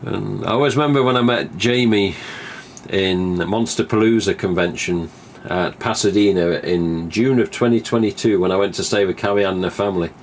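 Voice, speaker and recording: A man's voice: fairly low pitch, normal speed, slight background noise. A man, hosting a live stream in a rambling, casual monologue, swearing freely and acting out remembered conversations. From England. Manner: chatty, swears casually, acts out remembered dialogue.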